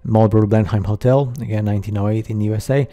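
A man narrating a slideshow in a casual, halting way, full of fillers and skeptical asides. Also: on the low side, steady tone, mellow, faint music behind. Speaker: video narrator.

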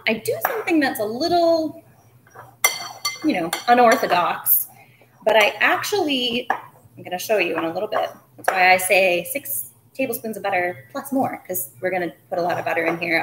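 A woman's voice: on the low side, noisy background. A woman hosting a live cooking demonstration, chatting with joking asides and muttering to herself as she works in a home kitchen. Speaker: cooking show host. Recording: roomy kitchen sound with clattering dishes.

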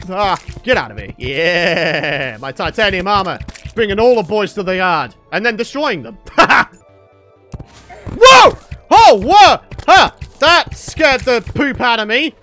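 A man giving excitable Let's Play commentary while gaming, often exclaiming and laughing. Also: high-pitched. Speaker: gaming YouTuber.

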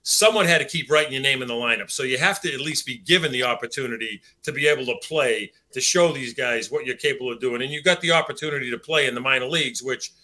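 A man hosting a podcast interview, summing up his guest's points in a measured way. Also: mid-range voice, sharp tone. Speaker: podcast host. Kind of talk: interview questions and commentary.

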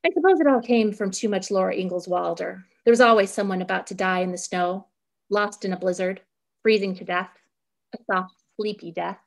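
A woman in her thirties reads her own prose poetry with intensity and vivid detail. Her voice has a steady gravelly fry underneath, at a middle pitch. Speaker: reader at a community reading.

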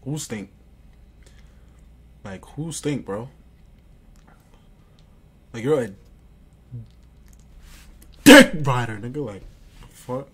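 A man's voice: medium pitch, animated, very slow, long pauses, fairly bright tone, slightly rough. Slangy young man streaming, muttering boasts. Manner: slangy, boastful, repeats phrases, often drops to a mutter. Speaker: livestreamer. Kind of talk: casual stream chat, reading and answering chat.

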